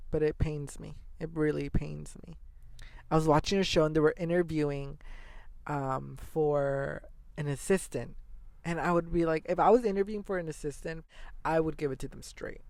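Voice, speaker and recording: A young man hosting a podcast, telling a story in a rambling, animated, casual monologue, with fillers and swearing. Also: fairly high pitch, vocal fry, dry recording. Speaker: podcast host.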